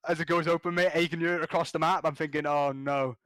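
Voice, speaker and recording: Male podcast guest, lively slangy storyteller, higher voice. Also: smooth, no echo. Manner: excitable, slangy, quick restarts. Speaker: podcast guest, competitive gamer. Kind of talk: animated storytelling.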